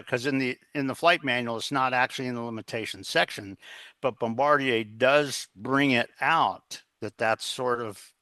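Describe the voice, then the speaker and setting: Bright-voiced man telling a story. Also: mid-range voice, moderate pace, dry recording. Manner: earnest, anecdotal, quotes others in dialogue. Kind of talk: casual interview storytelling.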